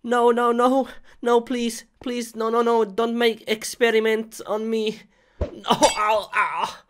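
A woman's voice: on the high side, completely flat delivery, measured pace, clean tone. A woman in a comic game skit who begs in frantic, pleading cries.

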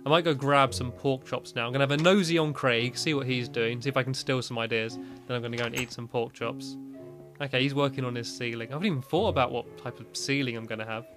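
Over soft music, a gaming video host gives casual gameplay commentary in a medium-pitched voice with fairly even intonation and a quick pace. He's chatty and rambling, full of "like" fillers and small laughs.

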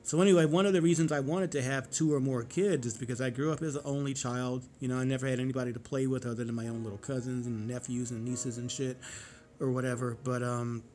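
A man's voice: mid-range voice, fairly even intonation, fast, darkish tone. A man in his forties vlogging in a casual, rambling monologue, cursing freely and getting heated. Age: 40s.

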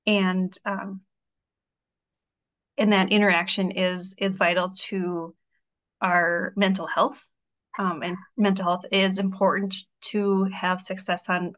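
A woman's voice: fairly low pitch, fairly bright tone. A woman panelist speaking candidly, with self-deprecating asides. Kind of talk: panel discussion.

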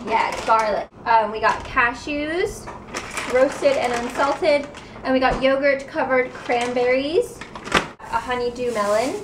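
A woman's voice: high-pitched, slow pace, background noise. A young woman vlogger in casual chat, upbeat and chatty, showing her groceries at home. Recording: roomy, distant camera mic.

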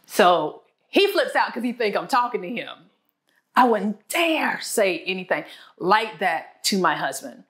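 This is a woman in her thirties talking on a lapel mic about her marriage. She speaks in a lively, animated way and acts out her own reactions with sudden high jumps in pitch. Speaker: guest on a marriage talk show. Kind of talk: candid storytelling talk.

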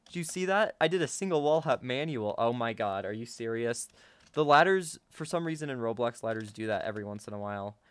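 An excitable young man talks his viewers through a game at his computer desk, gasping and laughing between remarks. His voice comes through smooth and clear. It sounds dry and close to the mic. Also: mid-range voice, no echo. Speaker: gaming YouTuber. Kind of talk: casual gameplay commentary.

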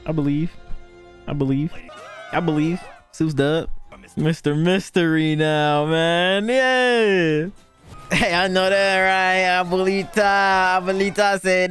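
A man reacting to a cartoon episode, excitable and profane, shouting out his reactions as he watches. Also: high-pitched, slow, faint music behind. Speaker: reaction video host. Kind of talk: casual cartoon reaction commentary.

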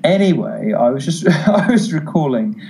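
A man's voice: fairly high pitch, big pitch swings, moderate pace, vocal fry, dark tone, rough recording. A man with a posh British accent, a talk-show guest calling in and telling stories in a camp, theatrical way. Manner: camp, theatrical, calls people darling. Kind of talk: casual chat, storytelling.

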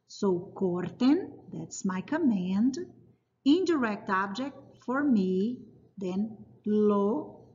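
A woman teacher who explains grammar slowly and patiently and drills short word lists. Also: mid-range voice. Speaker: Spanish teacher. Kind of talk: recorded grammar lesson. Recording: dull lo-fi sound.

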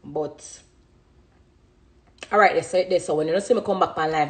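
A Jamaican woman in her thirties chats casually on a phone live stream, animatedly reading out viewers' comments. Her voice is low-pitched, and she speaks at a normal speed.

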